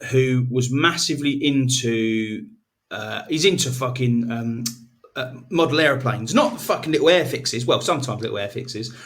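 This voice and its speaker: Male co-host, loose sweary chat, rambles, average pitch. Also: fairly bright tone. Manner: sweary, rambling, slips into quick mock voices. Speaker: podcast co-host. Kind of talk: casual banter.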